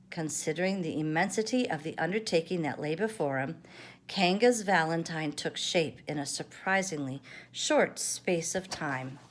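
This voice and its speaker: An older woman reads a children's story aloud in a gentle, expressive way. Her voice sits a little low but moves through a lively, sing-song range. She sounds like a grandmother at story time. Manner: gentle expressive read-aloud, varied intonation.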